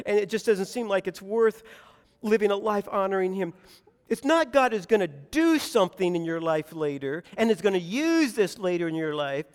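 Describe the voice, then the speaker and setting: Impassioned high-voiced male preacher in a reverberant hall. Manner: impassioned, voices anguished prayers, repeats phrases. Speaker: pastor. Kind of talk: sermon. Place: church sanctuary.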